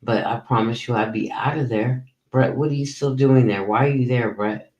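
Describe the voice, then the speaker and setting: A man's voice: medium pitch, moderate pace, darkish tone, reverberant, muffled recording. A man hosting a commentary channel, ranting in a profane, incredulous way and saying he is tired.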